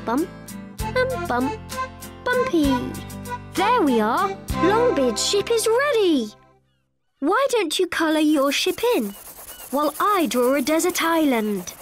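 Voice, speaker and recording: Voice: high-pitched, sing-song, a bit bright, soft background music, exaggerated voice. A performer voicing a friendly young monster who guides children through drawing, step by step. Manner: cheerful, slow step-by-step drawing instructions. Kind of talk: children's cartoon voice acting.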